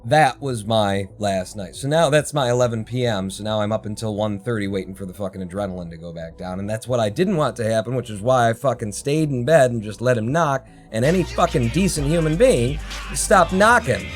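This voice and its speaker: A man's voice: medium pitch, brisk, soft background music. A man hosting a livestream, telling a story as a heated, heavily profane rant from home. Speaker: livestream host. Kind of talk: casual ranting story. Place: home, indoors.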